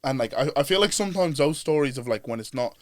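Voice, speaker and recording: Irish podcast host, young man, mid-pitched, dry close mic, chatty storyteller. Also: expressive, a little mellow, dry recording. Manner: chatty, quick storytelling with laughs. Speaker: podcast host, rugby player. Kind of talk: casual chat.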